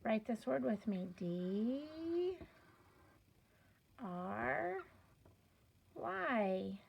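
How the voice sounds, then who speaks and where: A woman's voice: fairly high pitch, expressive, very slow, vocal fry, husky, muffled recording. A woman teaching a children's phonics lesson, sounding out letters patiently and encouraging the learners. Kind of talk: slow step-by-step reading lesson.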